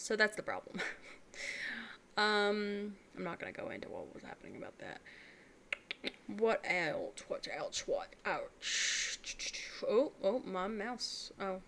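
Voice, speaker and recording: Young adult woman vlogger, bright tone, rambling and self-deprecating chat. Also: mid-range voice, creaky, slight background noise. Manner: rambling, candid, self-deprecating, laughs often. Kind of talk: casual chat.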